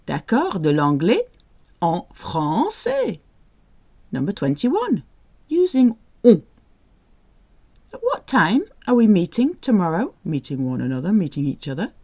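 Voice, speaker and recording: A woman teaching French, reading phrases out slowly, repeating them and cheering the listener on. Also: lowish voice, huge pitch swings, a little mellow. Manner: slow, repeats phrases, encouraging. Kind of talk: audio language drill.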